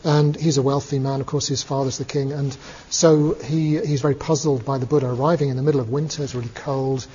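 A man giving a relaxed storytelling talk as a Buddhist teacher, with many fillers and chuckles. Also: medium pitch, a little fast, hardly any pauses, breathy edge. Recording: dull lo-fi recording, long reverb.

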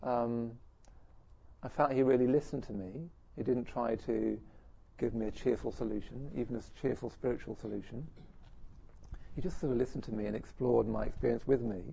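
Gravelly and husky, a middle-aged man's medium-pitched voice holds a steady, dark tone at a moderate pace. He reflects on personal matters before an audience in a musing, self-deprecating way.

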